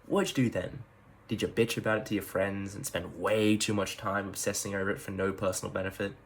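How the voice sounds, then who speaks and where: A man's voice: lowish voice, fairly even intonation, fairly quick, vocal fry, slight background noise. A man playing a blunt, teasing male alter ego of himself who talks in a dry, mocking way.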